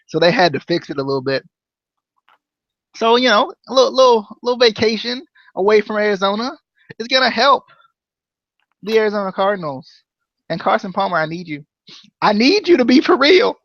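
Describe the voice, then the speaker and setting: Playful high-voiced man, dull dry sound. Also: fairly bright tone, dry recording. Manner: playful, jokey, sing-song chants. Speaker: podcast co-host. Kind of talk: casual chat, football picks.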